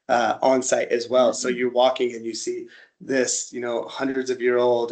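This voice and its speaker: A man from the United States, with a voice of ordinary middle pitch, gives a relaxed slide-show talk to a group. He tells his stories in a chatty way and acts out little back-and-forth exchanges as he goes. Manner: chatty storyteller who acts out little dialogues. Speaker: presenter at an interest group talk.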